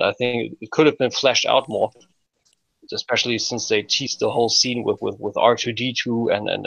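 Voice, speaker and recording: A man's voice: medium pitch, vocal fry, a bit bright, dry recording. Hesitant man with a dull dry sound. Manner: thoughtful, hesitant with many fillers. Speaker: podcast panelist. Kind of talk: casual chat.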